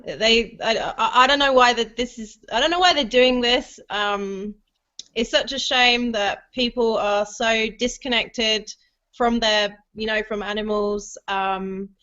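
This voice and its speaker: A woman's voice: a little high, a little slow, pushed and bright. A woman in casual chat, earnest and sympathetic. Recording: dull lo-fi sound.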